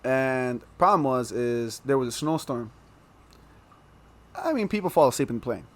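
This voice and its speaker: A young man telling a story as a podcast guest in a casual, animated way, laughing through the funny parts. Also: mid-range voice, moderate pace.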